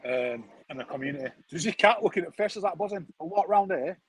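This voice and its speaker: Talking fast and animatedly, a high-pitched football streamer spins a rambling, slang-filled story in a casual way. His voice is slightly rough, and the low-quality recording has no room sound.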